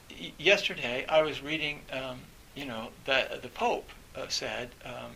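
Gravelly, halting middle-aged man. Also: on the high side, sharp tone, slight background noise, low-quality recording. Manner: halting, with many fillers and restarts. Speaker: university professor. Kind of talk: reflective talk.

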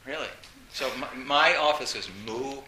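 A man giving a storytelling dharma talk as a meditation teacher, animated, with frequent laughter and many fillers. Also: mid-range voice, moderate pace. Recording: roomy echo with faint hiss.

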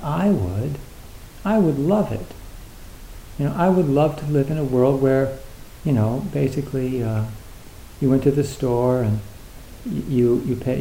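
Guy rambling thoughtfully about zen, um-ing a lot, super dark mellow tone, roomy echo. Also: a little high, creaky, slight background noise. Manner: hesitant, many fillers and restarts, acts out little dialogues. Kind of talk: reflective casual talk.

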